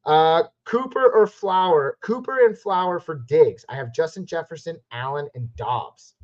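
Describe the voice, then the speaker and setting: A man from the West Coast hosting a live Q&A stream, chatty and upbeat, giving quick verdicts on viewer questions. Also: a little high. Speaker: fantasy football live stream host. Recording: slightly muffled lo-fi stream audio.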